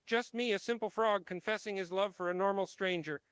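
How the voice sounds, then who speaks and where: A man's voice: high voice, brisk, a bit bright, clean tone, no room sound. A man voicing a terrified male frog who begs for mercy in a pleading, dramatic way. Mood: secretive. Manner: pleading, sobbing dramatic delivery.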